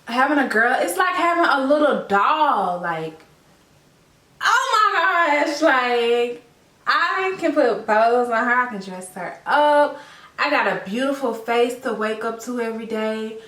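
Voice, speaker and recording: Young woman vlogger, teary, heartfelt, slow, echoey room, a little off-mic. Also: on the high side, animated, a bit bright, recorded from a distance. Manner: heartfelt, tearful, repeats herself with many fillers. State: teary, crying. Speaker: vlogger, new mother. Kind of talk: emotional personal story to camera.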